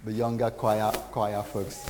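A man preaching a testimony, telling a story in an animated way and acting out the voices in it. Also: fairly low pitch, measured pace, long reverb tail, noisy background. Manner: animated, acts out quoted dialogue. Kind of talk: sermon storytelling.

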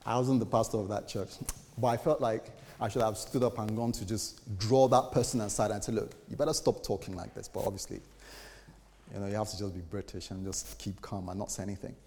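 A man preaching a sermon as a pastor, animated, jumping to sudden high bursts and then dropping low and quiet. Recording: long reverb of a hall.

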